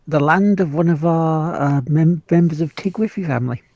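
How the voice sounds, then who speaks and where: A man from England, co-hosting a gaming podcast in relaxed, casual chat with dry humor. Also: a little high, normal speed, dry recording, lo-fi sound. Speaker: podcast co-host.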